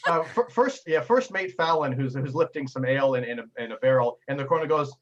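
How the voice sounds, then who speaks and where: A man's voice: mid-range voice, fairly quick, muffled recording, background noise. A man narrating a tabletop role-playing game as game master, with frequent restarts and fillers.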